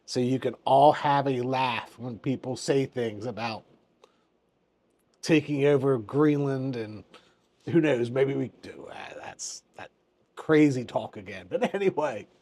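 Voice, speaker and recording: A man's voice: medium pitch, animated, unhurried, darkish tone. A man in his fifties hosting a casual finance commentary, chuckling often and making joking asides. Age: 50s. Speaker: finance channel host.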